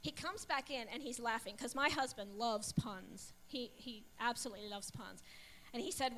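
High bright-voiced pastor's wife preaching. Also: female voice, normal speed. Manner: animated, storytelling with acted-out dialogue. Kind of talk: sermon with personal stories.

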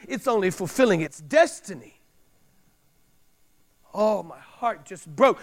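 A middle-aged man preaching a sermon, repeating key lines and driving points home with loud bursts. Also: very high voice. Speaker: pastor.

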